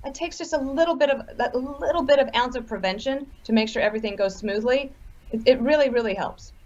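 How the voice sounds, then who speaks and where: A woman guest on a radio interview who tells brisk, practical anecdotes. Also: high voice, dull audio. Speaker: guest author.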